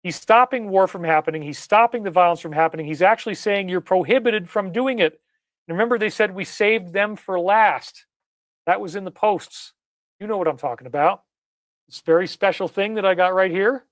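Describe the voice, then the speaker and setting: Emphatic male commentator, high voice, dry close mic, leans hard on key words. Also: a little fast, dry recording. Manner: emphatic, repeats key words, rhetorical questions. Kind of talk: animated live-stream commentary.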